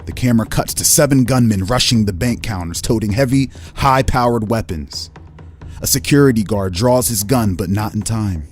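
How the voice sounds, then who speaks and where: A low-voiced man runs a tabletop game as game master, calling out shots and scenes like a film director. He narrates in a steady, descriptive manner. Faint music plays under his voice. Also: normal speed. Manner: cinematic, descriptive scene-setting.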